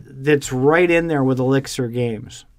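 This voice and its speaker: A man co-hosting a casual podcast chat, telling lively stories and swearing freely. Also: medium pitch, a little slow. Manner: animated storyteller, swears freely. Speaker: podcast co-host.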